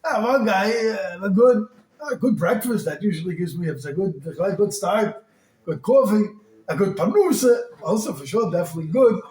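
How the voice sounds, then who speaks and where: A rabbi giving an animated sermon that rises to shouts. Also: male voice, high-pitched, normal speed. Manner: animated, rising to shouts, heavy use of Hebrew and Yiddish terms. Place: synagogue hall. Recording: echoey hall.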